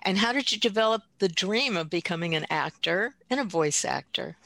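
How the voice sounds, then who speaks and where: A woman's voice: on the low side, expressive, moderate pace, gravelly, a bit bright. A woman co-hosting a podcast, asking questions in a friendly, inquisitive way. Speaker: podcast co-host. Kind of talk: interviewing.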